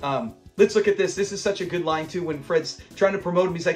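A man's voice: fairly high pitch, fairly quick, few pauses, faint music behind. A young man hosting a classic TV channel, casually and enthusiastically recapping an episode, retelling scenes and laughing along.

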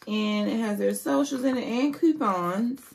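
Slow, gravelly-voiced woman vlogger. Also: on the high side, darkish tone, a little hiss or hum. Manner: chatty, playful, talks straight to viewers. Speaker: beauty vlogger. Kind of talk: casual wig review vlog.

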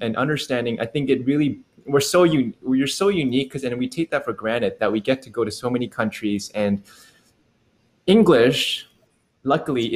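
A young man from Canada hosting a livestream interview, chatty and animated, laughing easily. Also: mid-range voice. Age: young adult. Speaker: host.

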